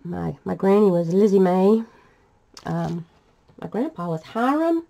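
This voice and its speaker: An older woman, chatting and laughing her way through family stories as she works on a craft. Her voice is gravelly, with a slightly worn texture that stays steady at an ordinary pitch. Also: unhurried. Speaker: vlogger. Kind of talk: casual storytelling while crafting.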